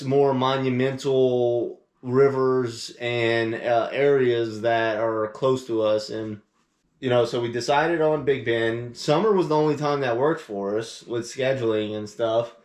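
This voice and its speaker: A man's voice: mid-range voice, steady tone, unhurried, roomy sound. Rambling man telling a trip story. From Louisiana, USA. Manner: rambling, filler-heavy, acts out quoted phone calls. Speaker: podcast co-host. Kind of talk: casual storytelling chat.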